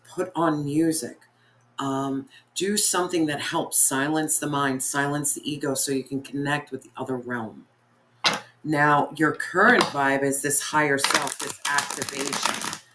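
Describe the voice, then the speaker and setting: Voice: mid-range voice, fairly bright tone, a little hiss or hum. A tarot reader giving a spiritual reading in an earnest, encouraging way, speaking straight to the viewer and often repeating phrases for emphasis.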